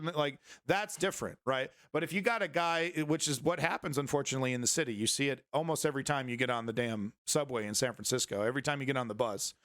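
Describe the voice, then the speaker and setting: Man, news streamer, fairly high voice, blunt, profane, rambling restarts, dry close sound. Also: fairly bright tone, smooth, dry recording. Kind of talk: live-stream news commentary.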